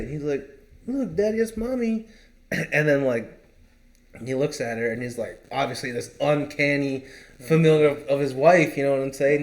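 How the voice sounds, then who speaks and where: A man co-hosting a podcast, telling a long story in a rambling, casual way with lots of fillers. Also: mid-range voice. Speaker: podcast co-host. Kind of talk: casual chat.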